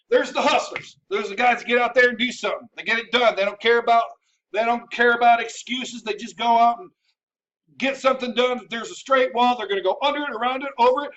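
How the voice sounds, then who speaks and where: A man's voice: very high voice, pushed and bright, far from the mic, dull audio. A man hosting his own show, giving a blunt, mocking motivational rant from his home office. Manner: brash, mocking, jokey put-on accent. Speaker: host.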